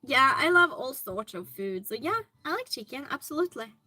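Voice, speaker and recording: Stream host, woman, fairly high bright voice, friendly chat with viewers from her hobby room. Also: very animated, normal speed, slight background noise, rough recording. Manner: chatty, greets viewers by name. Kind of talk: casual chat reading viewer comments.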